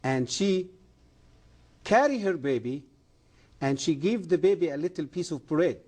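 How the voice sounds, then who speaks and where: A middle-aged man speaks as a TV interview guest, his English halting and earnest. His voice sits fairly high for a man yet sounds dark and mellow. He leans into key words with emphatic conviction. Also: expressive. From Egypt. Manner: earnest, emphatic, halting non-native grammar. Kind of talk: testimony and preaching on a TV interview.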